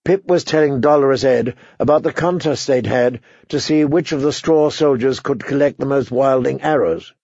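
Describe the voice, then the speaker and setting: Gravelly male audiobook narrator. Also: mid-range voice, moderate pace, hardly any pauses, no room sound. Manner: steady storytelling, voices characters. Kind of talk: scripted narration. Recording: dry, slightly dull recording.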